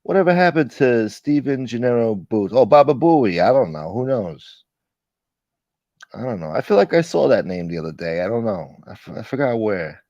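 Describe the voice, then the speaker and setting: In this dry clip with the highs cut off, a livestream host speaks in a mid-range, sing-song voice that's a little mellow, at normal speed. He reads chat aloud, rambles profanely through stories, and performs the voices of friends he quotes.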